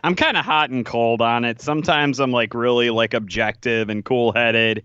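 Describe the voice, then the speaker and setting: A man's voice: medium pitch, fairly even intonation, fairly bright tone, clean tone, dry recording, dull audio. A man co-hosting a sports podcast, casual and self-mocking. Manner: laughing, self-mocking, quick mimicry. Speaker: podcast co-host.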